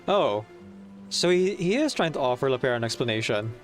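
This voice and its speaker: A man plays through a story game and reads its lines aloud. He chats and reacts between passages in a loose, thinking-aloud way. Soft music plays faintly behind him. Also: mid-range voice, sing-song, a little fast. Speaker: streamer reading a game story. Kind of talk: casual gameplay commentary and read-aloud.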